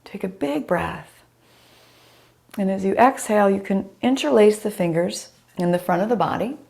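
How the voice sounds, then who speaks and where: A middle-aged woman teaching a chair yoga class over a video call, giving calm guiding cues and naming students as she goes, with a slightly scratchy voice. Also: mid-range voice, moderate pace, creaky. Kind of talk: live online yoga class instruction.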